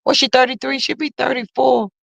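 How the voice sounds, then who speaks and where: A woman chats her way through a live stream, reading comments and calling her viewers "y'all." Her voice sits a little high. The sound is dry and close to the mic. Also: steady tone, a little fast, gravelly, no room sound. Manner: chatty, folksy, talks straight to viewers with "child" and "y'all". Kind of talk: casual live-stream chat.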